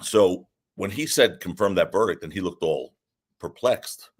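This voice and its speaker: A man, a defense attorney, telling a story as a guest in a casual interview, in an animated, lively way. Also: sits low, a little slow, breathy edge.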